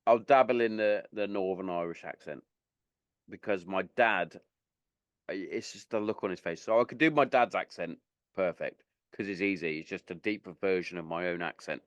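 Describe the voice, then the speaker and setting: A man's voice: low voice, moderate pace, no room sound, dull audio. A man hosting a podcast, chatting candidly and rambling a little, slightly tipsy. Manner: rambling, candid, swears freely. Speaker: podcast host. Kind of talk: casual podcast chat.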